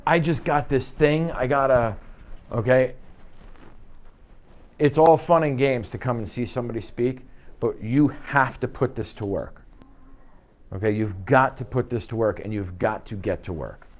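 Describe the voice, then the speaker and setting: A man's voice: mid-range voice, moderate pace, long pauses. Punchy man coaching a sales class. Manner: punchy, peppers lines with "okay?" and rhetorical questions. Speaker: real estate sales trainer. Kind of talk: live training talk to a class. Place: real estate office training room.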